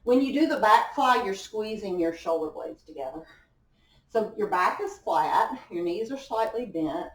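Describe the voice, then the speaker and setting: A woman's voice: medium pitch, animated, unhurried. A woman leading a live workout class, giving encouraging cues with small laughs between moves. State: out of breath at times. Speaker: fitness instructor. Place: indoor workout room. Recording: echoey room, voice from far off.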